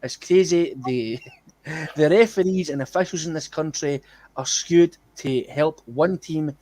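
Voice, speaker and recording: A man's voice: on the high side, measured pace, a little mellow. A Scottish man co-hosting a football fan podcast, swearing indignantly and laughing in disbelief. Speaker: podcast co-host. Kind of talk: heated fan podcast discussion.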